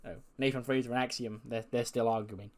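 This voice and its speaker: A man's voice: medium pitch, steady tone, fairly quick, darkish tone. Chatty man narrating a game. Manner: chatty, laughs often. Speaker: gaming video host. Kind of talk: narrating a wrestling management game.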